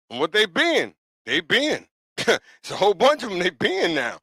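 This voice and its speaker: A man hosting a talk podcast in a loose monologue, with a voice that sits a little high and has a bright, forceful edge. He hammers his points home bluntly and keeps circling back to them. The sound is dry and close, with almost no room around it. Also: wildly swooping pitch, moderate pace, slightly rough, no echo. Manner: blunt, emphatic and repetitive, with frequent "you know what I'm saying". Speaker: podcast talk show host. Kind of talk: casual opinion monologue.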